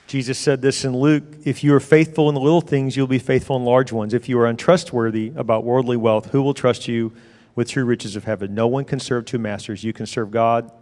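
A man's voice: medium pitch, steady tone, a little fast, darkish tone. A middle-aged male pastor preaching a sermon in an emphatic, conversational storytelling manner. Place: church sanctuary. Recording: long reverb of a large hall.

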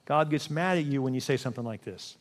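A pastor preaches a sermon in a large church, speaking at a quick pace in a medium-pitched voice. He's conversational and self-deprecating, asks his listeners direct questions, and acts out the voices of people in his stories. The recording has a long reverb from the large hall.

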